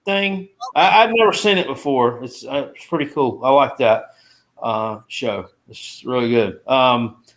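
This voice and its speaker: Man, co-host, casual sports chat, rambling, easygoing, middle pitch. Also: unhurried, fairly bright tone. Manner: rambling, easygoing, many fillers.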